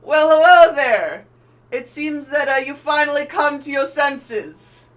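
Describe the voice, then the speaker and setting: A man voicing a gleeful, taunting male villain who yells gloatingly across to another ship. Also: high voice, a little slow, pitched above the performer's own voice. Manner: loud, gloating, sing-song shouting.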